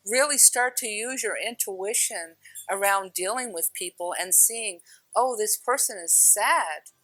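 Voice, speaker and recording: A middle-aged woman spiritual teacher telling stories in a casual, animated way, laughing often and shifting her pace. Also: mid-range voice, no echo. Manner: animated storyteller, laughs often, speeds up and slows down.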